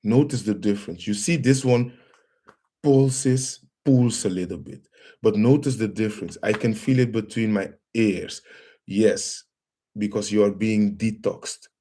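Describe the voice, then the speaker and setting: Slow, low-voiced man hosting a live stream. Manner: slow, calm, repeats phrases, addresses viewers as family. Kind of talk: casual live stream demonstration.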